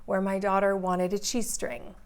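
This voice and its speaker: A woman in her forties speaks as an interview guest, recounting her own story in vivid, earnest detail. Her pitch sits at an ordinary middle height for a woman. She lets the intensity climb as the story unfolds. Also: fairly even intonation, normal speed.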